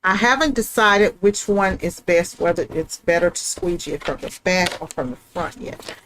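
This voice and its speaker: A woman's voice: on the low side, animated, moderate pace, fairly bright tone, low-quality recording. A middle-aged woman, hosting a live print-shop stream in a chatty, folksy way and talking straight to her viewers. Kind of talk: casual live craft demonstration.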